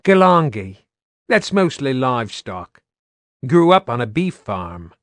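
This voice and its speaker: A man's voice: mid-range voice, sing-song, a bit bright, no room sound, clean studio sound, voice pushed up. Man doing a careful, tough older female soldier. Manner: measured and careful.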